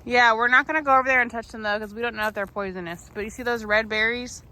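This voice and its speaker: A woman's voice: a little high, steady tone, fast talker, sharp tone, slight background noise. A young woman vlogging a child's nature walk outdoors in a park, chatty and upbeat with frequent laughter. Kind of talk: casual narration to viewers.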